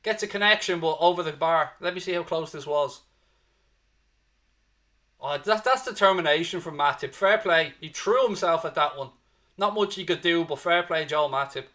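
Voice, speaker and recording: With a Dublin accent and a voice that's a little high, this Irishman hosts a fan watchalong. He delivers animated live commentary on the match, chats with viewers, swears freely, and encourages positivity.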